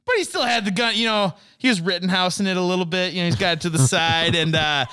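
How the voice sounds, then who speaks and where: A young man telling a story in casual chat, animated and profane, laughing a lot and acting out what people said. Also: high voice, quick pace, clean tone, no echo, clean studio sound. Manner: animated, swearing, laughing often, acting out quotes.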